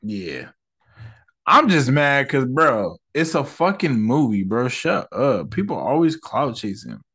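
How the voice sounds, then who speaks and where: A young man giving casual reaction commentary, slang-heavy and profane, rambling fast and bursting into loud, animated rants. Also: husky. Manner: loud, profane and animated, swinging into high outbursts. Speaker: online commentator.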